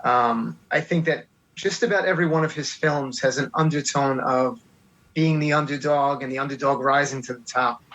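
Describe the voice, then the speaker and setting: A man's voice: mid-range voice, normal speed, rough recording. Earnest New York-accented man. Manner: earnest, heartfelt, steady. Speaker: guest, teacher and filmmaker. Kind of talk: interview storytelling.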